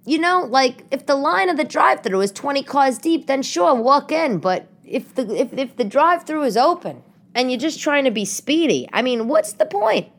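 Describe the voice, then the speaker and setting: A woman's voice: sits high, very animated, moderate pace. A middle-aged woman from New York hosting a casual solo podcast, rambling through comic stories and asides. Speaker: podcast host.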